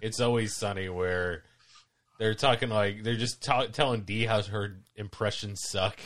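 Rambling podcast co-host. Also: male voice, lowish voice, steady tone, a little slow, fairly bright tone. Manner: rambling, laughing storyteller. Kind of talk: casual comedic banter.

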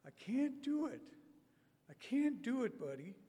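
A man voicing a shy, slight man in his thirties who has a high countertenor voice and meekly turns down every offer. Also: sing-song, a little slow, warm tone, husky, big-room sound, full character voice. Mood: meek refusing. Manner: meek repeated refusals.

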